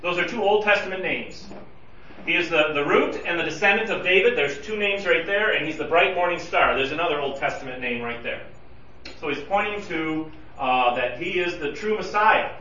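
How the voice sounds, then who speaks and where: A man teaching a Bible study as a pastor, talking through scripture verse by verse and acting out quoted pleas with animated urgency. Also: fairly high pitch, normal speed, slight background noise. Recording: distant, roomy, slightly dull recording.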